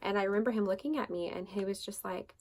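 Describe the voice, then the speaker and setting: A woman hosts a devotional talk, telling a personal faith story in a loose, rambling way. Her mid-pitched voice has a steady gravelly fry. She keeps restarting and filling gaps as she goes. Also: quick pace. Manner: conversational, rambling with fillers and restarts. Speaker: devotional podcast host.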